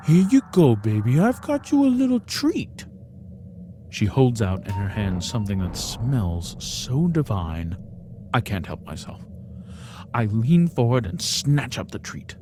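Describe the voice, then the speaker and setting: Dramatic, slow-reading male storyteller. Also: medium pitch, a little mellow, a little hiss or hum. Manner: theatrical, with sudden whispered asides. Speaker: storybook reader.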